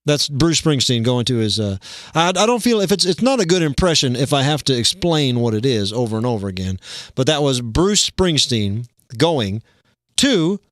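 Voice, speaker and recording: Rambling deadpan comedy show host, man. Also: medium pitch, normal speed, no room sound, studio quality. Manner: rambling, deadpan, self-contradicting.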